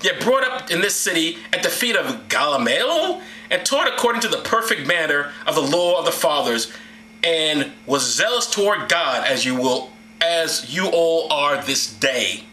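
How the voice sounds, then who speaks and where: A man voicing a pompous grown man orating to a crowd, drawing out each phrase slowly and grandly, in an echoey room. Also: on the high side, big pitch swings, bright, forceful tone, a little hiss or hum. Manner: slow, grandly drawn-out solemn delivery.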